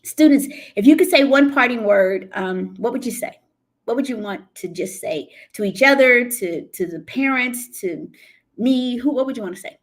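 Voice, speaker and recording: A middle-aged woman hosting a casual talk show, gently prompting students and reflecting on her legacy. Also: on the high side, expressive, normal speed. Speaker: program director and host.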